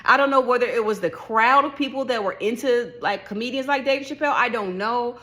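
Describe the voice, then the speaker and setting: A woman vlogger chatting casually about a solo trip, telling the story with lively acted-out reactions. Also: fairly high pitch, brisk. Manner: animated storytelling, acts out her own past reactions. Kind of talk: casual chat.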